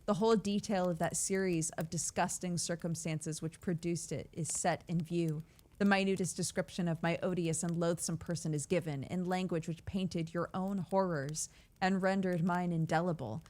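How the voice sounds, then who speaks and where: A woman streamer reading a classic novel aloud on a livestream, measured in the reading and giggly in her asides. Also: fairly low pitch, fairly even intonation, a little mellow.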